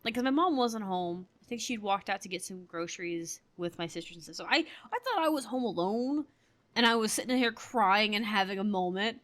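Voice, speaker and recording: A woman's voice: mid-range voice, animated, fairly quick. A woman chatting casually while playing a game, telling stories in a rambling way and laughing often. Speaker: gamer. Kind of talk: casual gameplay commentary.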